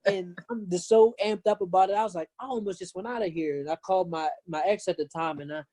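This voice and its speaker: Earnest male pastor guest, warm low-key tone, dry recording. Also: fast talker, no echo. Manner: earnest, animated when retelling. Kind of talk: casual storytelling.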